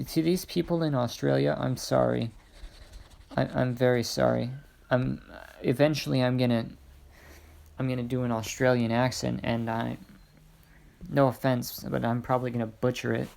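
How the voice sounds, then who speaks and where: A man's voice: medium pitch, normal speed, gravelly, long pauses, darkish tone. A young man casually reading his own fan-made story aloud, drifting into hesitant, rambling asides. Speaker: fan fiction narrator.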